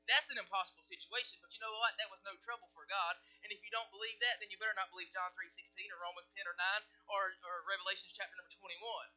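Male pastor, bright and sharp tone, high voice, slightly dull recording. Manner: preaching with swings from loud to hushed. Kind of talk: sermon.

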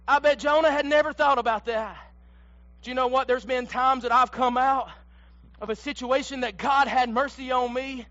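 A man preaching an impassioned sermon, swinging from loud cries to hushed asides. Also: extremely high pitch, dry recording, highs cut off.

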